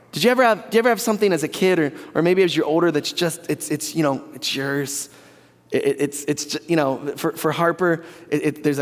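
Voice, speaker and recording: An earnest male pastor delivering a sermon, talking to the congregation in a chatty way with asides. His voice is high for a man. Long reverb from the church hall trails each phrase. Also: brisk. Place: church sanctuary.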